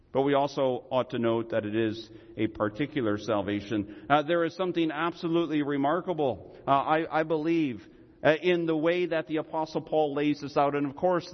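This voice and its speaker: A man preaching a sermon as pastor, with emphatic delivery and deliberate dramatic pauses. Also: on the high side, big-room sound, dull audio.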